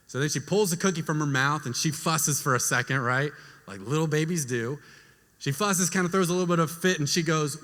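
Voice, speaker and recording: Bright-voiced young man in an echoing hall. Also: on the high side, a little fast. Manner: animated storyteller, acts out family voices. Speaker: youth speaker. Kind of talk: storytelling talk to young adults. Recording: long hall reverb.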